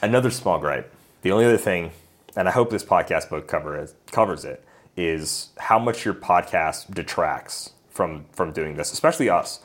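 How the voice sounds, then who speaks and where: Brief: deep-voiced male co-host, easygoing and jokey. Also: lively intonation. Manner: agreeable, jokey, quick to chime in. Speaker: podcast co-host. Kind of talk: casual podcast chat.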